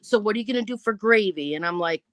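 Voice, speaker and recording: A woman's voice: mid-range voice, fast talker, no room sound. A woman hosting her own channel, telling a long story and acting out every line of dialogue. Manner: animated, acts out quoted voices. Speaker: channel host. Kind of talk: live-stream storytelling. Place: indoors at home.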